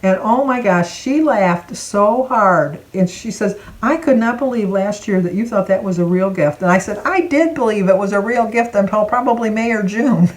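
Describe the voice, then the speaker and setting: An older woman from Michigan tells a long family story to camera. Her voice sits at a middle pitch. She talks casually and acts out the other people's lines with lively changes in her voice. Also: normal speed, few pauses, low-quality recording. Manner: animated, acts out quoted voices. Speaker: vlogger.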